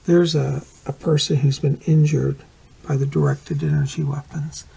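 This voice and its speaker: A man's voice: mid-range voice, sing-song, moderate pace, vocal fry, warm tone, slightly rough. A man chatting casually at home in a rambling vlog, looping back with "anyways" and restarts. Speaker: psychic vlogger.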